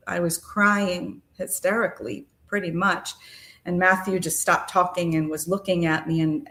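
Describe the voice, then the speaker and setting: A middle-aged woman speaks slowly and reflectively, sharing a personal spiritual experience on her podcast. Her voice sits at a middle pitch, and she often pauses with soft ums and uhs as she gathers her words. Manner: unhurried, with frequent ums and uhs.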